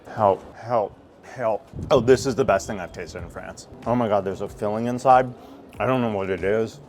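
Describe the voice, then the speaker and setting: A man in his thirties from the United States talks through a casual food vlog, chatty, excitable and quick to swear. His voice sits a little low, and faint music plays under him. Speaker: food vlogger. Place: streets and bakeries of a city, outdoors.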